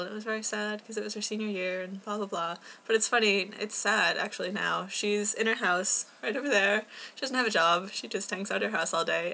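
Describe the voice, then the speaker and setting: A young woman talks casually into her camera at home for a video blog. Her voice is bright and forward, and her thoughts wander as she fills pauses with plenty of ums. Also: on the low side. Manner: rambling, scattered, many ums. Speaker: book club vlogger.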